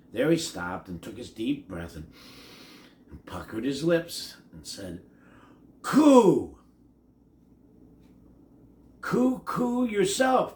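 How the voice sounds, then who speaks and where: A man's voice: medium pitch, darkish tone. An older man reading a picture book aloud to children, adding chatty asides to his young listeners. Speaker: storybook reader. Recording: echoey room.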